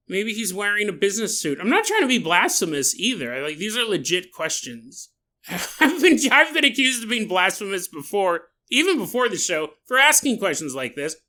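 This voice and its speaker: A man hosting a solo podcast who is sick with a sore, dry throat. He muses aloud in an animated, joking way and often breaks into laughter. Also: sits high. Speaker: podcast host.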